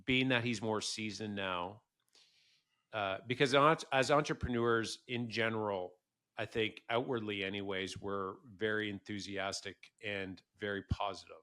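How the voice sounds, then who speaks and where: A man's voice: on the low side, steady tone, measured pace, sharp tone, dry recording, studio quality. A man hosting a podcast interview, talking casually and animatedly, acting out quoted thoughts with laughter. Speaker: podcast host. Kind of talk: conversational interview.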